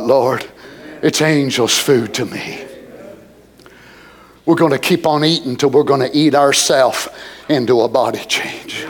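A man preaching and praying with fervor, swinging between soft murmured prayer and loud high exclamations. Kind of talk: emotional sermon and prayer.

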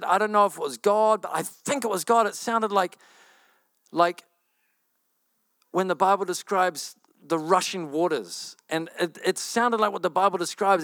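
A man preaching a sermon as a pastor, telling a story in an animated way, often repeating phrases and rushing through quoted speech. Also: high-pitched, no room sound.

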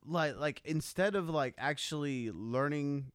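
A young man from Texas with a Texan accent, co-hosting a casual podcast, animated, joking and swearing freely. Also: a little high, unhurried, smooth, no echo, clean studio sound. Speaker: podcast co-host. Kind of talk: casual chat.

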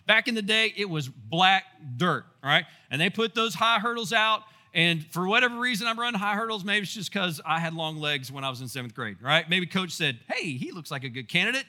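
A pastor with a drawl delivers a lively sermon, telling stories and tossing questions to the congregation. His voice sits high for a man and rings very bright and forceful. He keeps it animated with asides. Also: fairly quick, hardly any pauses. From Texas.

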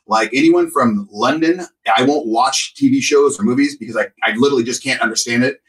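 Male podcast co-host, emphatic storyteller, mid pitch, slightly off-mic. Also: a little fast. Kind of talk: casual podcast chat. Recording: voice a bit distant from the mic.

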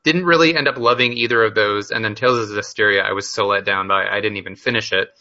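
A man on a casual gaming podcast, giving opinionated, animated takes on games. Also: on the low side, fast, muffled recording. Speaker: podcast co-host.

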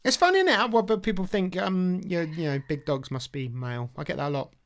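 A man's voice: high-pitched, animated, fast talker. A man co-hosting a podcast in a chatty, jokey way, laughing often. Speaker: podcast co-host. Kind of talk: casual chat.

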